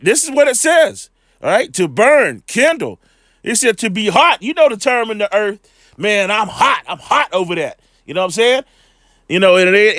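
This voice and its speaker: A man giving a loose, slangy scripture lesson, full of fillers and repeated "all right", slowing down when he reads the verses. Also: high-pitched, fairly bright tone, no echo, clean studio sound. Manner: reads scripture slowly and deliberately. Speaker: bible teacher.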